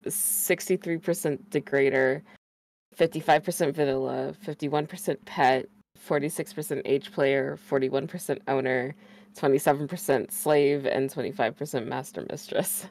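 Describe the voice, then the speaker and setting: A woman with a low voice reads a long list at an even, steady pace in a casual group call. She fills the gaps with small "uh"s. Her tone is relaxed and chatty. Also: normal speed. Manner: laughs often, steady list reading with fillers. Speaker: stream guest. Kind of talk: casual group chat, reading a list aloud.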